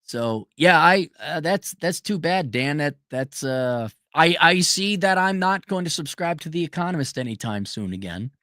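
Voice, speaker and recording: A man's voice: a little high, expressive, moderate pace, hardly any pauses, pushed and bright, no echo, clean studio sound. A middle-aged man ranting in a sarcastic, rambling, profane monologue as a podcast host.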